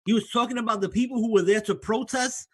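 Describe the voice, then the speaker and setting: A man's voice: very high-pitched, fairly even intonation, fast talker, a bit bright, slightly rough, no room sound, studio quality. A man in a heated political debate, combative and insistent, pushing back over and over.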